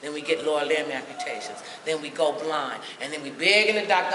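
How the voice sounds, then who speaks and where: A woman's voice: on the low side, fast talker, few pauses. Sassy woman speaker in an echoey hall. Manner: sassy, lively, acts out voices. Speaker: motivational speaker. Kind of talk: humorous health talk to a live audience. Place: large hall with audience. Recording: echoey hall, mic from far off, noisy.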